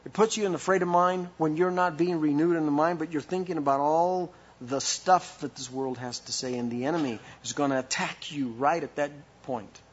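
A man's voice: on the high side, moderate pace, hardly any pauses, breathy edge, highs cut off. A man preaching a sermon as pastor, with impassioned rhetorical questions and a delivery that rises and falls.

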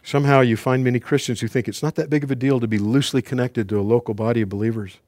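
A man teaching a Bible study class in a conversational, animated way, often putting questions to the group. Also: mid-range voice, racing, no echo, studio quality.

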